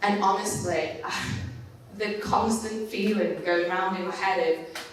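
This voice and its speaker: A woman's voice: medium pitch, steady tone, measured pace, a little hiss or hum. Candid woman speaker in an echoey hall. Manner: candid and self-mocking, swears casually. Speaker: conference speaker. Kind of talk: storytelling talk. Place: conference stage in a large hall. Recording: echoey hall, mic at a distance.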